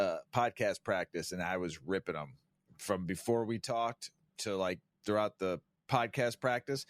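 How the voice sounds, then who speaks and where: A man co-hosting a podcast in casual chat, rambling and swearing constantly, laughing loudly at his own stories on a studio mic. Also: deep voice, no echo. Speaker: podcast co-host.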